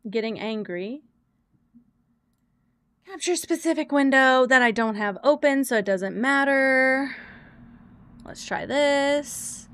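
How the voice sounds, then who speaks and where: Woman streamer, higher voice, flustered and jokey, chatting to viewers at her desk mic. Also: lively intonation, takes it slowly, pauses often, a bit bright, clean tone, no room sound. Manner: flustered and joking, swears, talks to chat. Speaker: livestreamer. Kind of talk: casual live-stream chat.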